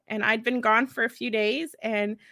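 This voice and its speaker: A woman's voice: on the high side, steady tone, normal speed, pushed and bright, no echo, clean studio sound. A woman in her thirties, a veteran and mother, telling candid stories at a mental health event in a blunt, profane way, often laughing. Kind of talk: candid storytelling.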